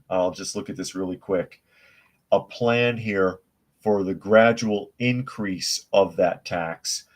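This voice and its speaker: A man with a low voice hosts a live news podcast in a relaxed, conversational way. He reads articles and chat messages aloud, then pushes back with blunt, scoffing opinions. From United States. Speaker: podcast host reading news and chat comments. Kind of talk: casual live news commentary.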